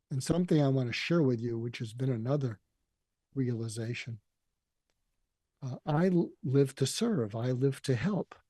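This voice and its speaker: Gravelly older man, earnest and emotional. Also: mid-range voice, warm tone, dry recording, studio quality. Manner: earnest, emotional, quotes others' words. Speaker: guest. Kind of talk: reflective personal storytelling.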